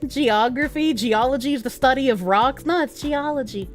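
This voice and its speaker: A young woman streaming, chatting casually and reading out viewer messages, animated and profane, with bursts of giggling. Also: moderate pace, soft background music. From United States. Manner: animated, giggly, profane, with squealing high laughs.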